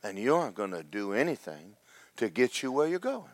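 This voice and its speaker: With a medium-pitched voice, very animated and brisk, a man delivers a sermon full of folksy, humorous Bible storytelling, putting on funny voices for each character.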